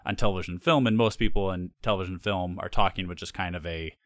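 A man's voice: low-pitched, quick pace, a bit bright, no echo, clean studio sound. A man in casual conversation, easygoing and rambling, laughing often as he talks. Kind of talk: casual chat.

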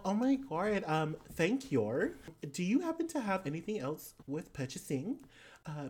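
An animated tabletop player takes charge of the scene and slips in and out of character. The voice sits at a middling pitch and stays lively and commanding. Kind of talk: tabletop game play.

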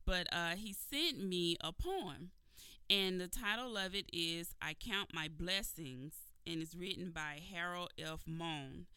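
A woman's voice: fairly low pitch, takes it slowly, sharp tone, clean tone, no echo. A woman hosting a devotional radio talk show from a studio, earnest and preacherly, repeating herself with many fillers.

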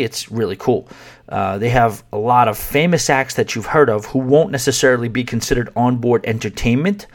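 A man hosting a podcast, talking casually and telling stories with many restarts and asides. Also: mid-range voice. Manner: chatty storyteller, frequent restarts and asides. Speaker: podcast host.

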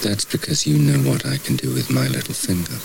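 An actor playing a suave, witty British spy with a dry, suggestive delivery in film dialogue. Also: male voice, rumbling low, very animated, fairly quick, gravelly, noisy background, full character voice. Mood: wry.

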